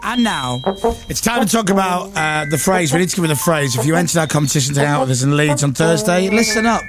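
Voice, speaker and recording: A playful English man from Coventry hosts a radio show, chatting loosely and tossing in silly shouted bits. His voice sits a touch high for a man. A music bed plays clearly under him in the studio. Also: expressive, quick pace. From England. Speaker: radio breakfast show host. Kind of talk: casual radio chat. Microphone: studio mic. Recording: music playing under speech.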